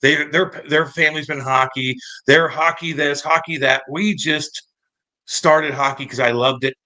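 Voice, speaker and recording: A man in his thirties from St. Louis, a former pro hockey player telling stories in a casual, animated and profane interview. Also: on the high side, measured pace. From St. Louis, United States. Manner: animated, profane, acts out quoted voices.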